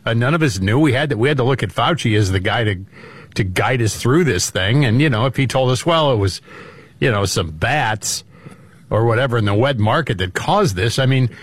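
A man's voice: mid-range voice, animated, a little fast, slightly rough, no echo. A male talk show host who makes wry jokes and moves the show between topics. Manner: joking, wry. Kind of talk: casual political talk show.

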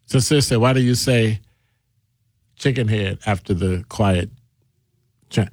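A man's voice: lowish voice, a little slow, long pauses, a little mellow, no room sound, clean studio sound. A man hosting a call-in radio talk show, reading listener texts aloud with playful, teasing banter.

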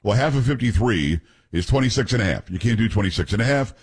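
A man's voice: on the low side, lively intonation, fast, breathy edge. A man hosting a talk radio show, giving blunt, opinionated political commentary and repeating his points for emphasis.

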